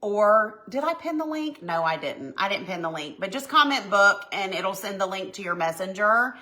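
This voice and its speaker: A woman hosting a casual live stream, with a bright, forward voice. She is emotional and effusive, and she gushes warmly over viewers' comments as she talks. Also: mid-range voice, expressive, moderate pace. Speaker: home goods brand owner hosting a live stream. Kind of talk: casual live stream chat while signing.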